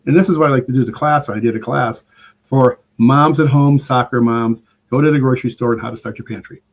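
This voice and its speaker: A man's voice: mid-range voice, brisk. Rambling older man telling stories. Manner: rambling, enthusiastic storyteller. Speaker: guest preparedness expert. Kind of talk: casual podcast conversation.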